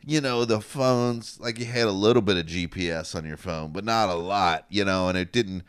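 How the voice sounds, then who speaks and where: A man co-hosting a casual comedy chat, laid-back and swearing freely, now and then shouting out the reactions he quotes. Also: sits low, moderate pace, clean tone. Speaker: podcast co-host, comedian.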